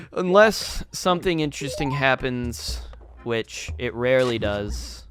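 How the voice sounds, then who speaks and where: A man's voice: medium pitch, animated, a little slow, noisy background. Chatty man rambling over a game. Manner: rambling, chatty, with many fillers and restarts. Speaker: gaming YouTuber. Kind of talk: casual game commentary.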